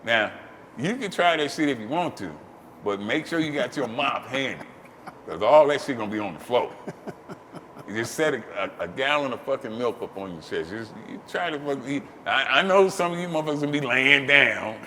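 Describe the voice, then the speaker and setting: A man hosting, telling a story casually, swearing freely and breaking into loud, animated outbursts. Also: medium pitch, brisk, big-room sound, slight background noise. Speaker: host.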